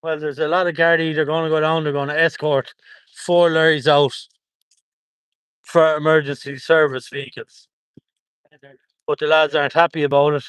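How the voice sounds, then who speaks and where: A man's voice: a little high, flat delivery, moderate pace, long pauses, a bit bright, clear, resonant tone, dry recording. An Irish man chatting on a live stream, reading out viewer comments and thanking viewers by place in an upbeat way, outdoors at a protest on a phone held close. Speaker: livestreamer.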